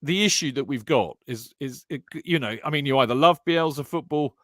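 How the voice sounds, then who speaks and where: A man co-hosting a football podcast chats casually and animatedly with friends, trading banter, stammering into restarted sentences and calling people mate. His mid-range voice moves fairly quickly, and the recording is dry with clean studio sound.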